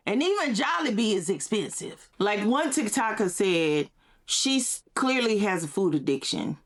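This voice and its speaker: A woman's voice: mid-range voice, sing-song, moderate pace. A woman talking in a sassy, emphatic commentary style, often repeating her points. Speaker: social media commentator. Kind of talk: casual gossip commentary.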